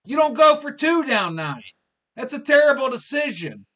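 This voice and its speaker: A man's voice: very high-pitched, very animated, moderate pace, fairly bright tone. A man in his fifties hosting a live sports talk show, ranting in an exasperated way and repeating his questions. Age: 50s.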